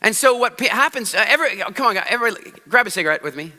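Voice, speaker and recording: A man giving a live seminar in a large hall, energetic and playful, drawing the audience into acting things out with him. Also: high voice, racing. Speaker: public speaking trainer. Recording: roomy hall with long reverb.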